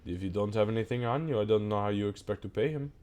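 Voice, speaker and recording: A plain, matter-of-fact town guard , as the game master puts him on, speaking a little lower and quieter than usual. No theatrics, just a dry dismissal in a tabletop game. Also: quick pace, natural voice. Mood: dismissive. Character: weary adult town guard.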